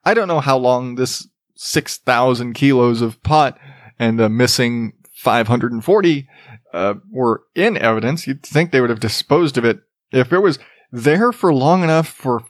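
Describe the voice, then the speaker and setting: A man's voice: medium pitch, no room sound, clean studio sound. A man hosting a podcast, ranting in a casual, profane, mocking way, laughing often and rambling through his thoughts. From Arizona, US. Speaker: podcast host. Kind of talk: casual comedic commentary.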